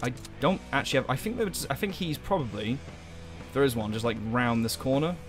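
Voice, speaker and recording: A man's voice: mid-range voice, lively intonation, fairly quick, over music. A young man giving sweary, sarcastic commentary while playing a game as a let's play host. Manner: sweary, sarcastic, exasperated outbursts. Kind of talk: gameplay commentary.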